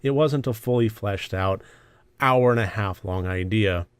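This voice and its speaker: A man's voice: fairly low pitch, a little slow, smooth, dry recording. A man hosting a casual spoken film review, rambling with frequent fillers and little asides. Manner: rambling, many fillers, self-deprecating asides. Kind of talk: casual movie review monologue.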